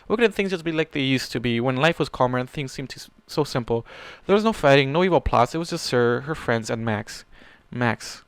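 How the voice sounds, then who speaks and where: A man reads fan fiction aloud in a plain, steady way. He drops in casual asides and corrects his own slips. His voice is smooth and clear, recorded dry. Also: mid-range voice, brisk, few pauses, no echo. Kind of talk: story reading with asides.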